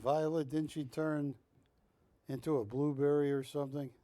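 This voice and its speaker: A man hosting a live shopping channel, pitching art with jokey, teasing sales patter from a television studio. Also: fairly even intonation, normal speed, mellow, dry recording.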